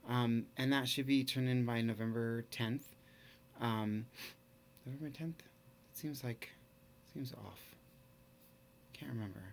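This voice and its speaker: A man teaching a recorded online lesson in a casual, halting way, full of fillers. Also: mid-range voice, slight background noise. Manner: relaxed, casual.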